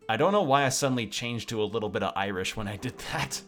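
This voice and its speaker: A man's voice: fairly low pitch, expressive, fast talker, hardly any pauses, a bit bright, soft background music. A young man streaming a game, rambling, joking and reading the game's text aloud with stumbles. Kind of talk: let's play commentary.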